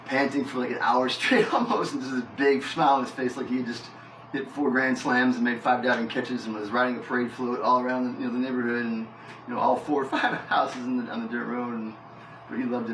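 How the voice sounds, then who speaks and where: A man's voice: medium pitch, fairly bright tone, echoey room, distant mic, a little hiss or hum, low-quality recording. A man vlogging in a loose, rambling monologue, full of fillers and laughs. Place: house with the door open.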